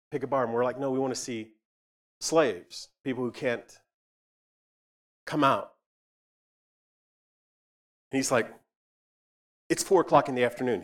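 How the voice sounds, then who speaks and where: Brief: male preacher, personal story sermon, animated dialogue, swings loud to quiet. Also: mid-range voice. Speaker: ministry leader speaking to a church.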